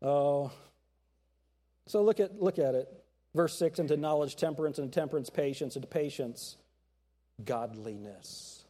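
A middle-aged man preaching a sermon to his church, animated, acting out quotes and jokes along the way. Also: fairly high pitch, unhurried, long pauses. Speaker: pastor.

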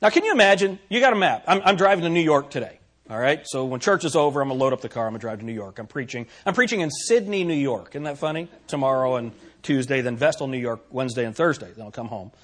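A man's voice: mid-range voice, animated, fast. A man preaching a sermon to his congregation, asking rhetorical questions and stressing his points. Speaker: pastor.

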